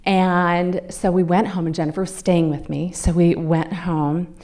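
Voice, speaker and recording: A woman in her fifties with a slightly low voice gives a talk to a club. She tells her own story in a conversational way and acts out the voices of the people she quotes. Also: level tone, unhurried, mellow. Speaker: guest speaker. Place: club meeting room.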